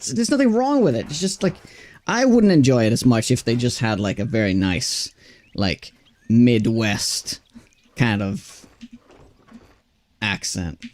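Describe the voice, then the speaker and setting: Male game streamer, Swedish native, American-sounding accent, mid pitch, casual and frank, stumbles and restarts often. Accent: American-sounding English. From Sweden. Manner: chatty and frank, frequent stammered restarts. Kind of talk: casual live-stream chat while gaming.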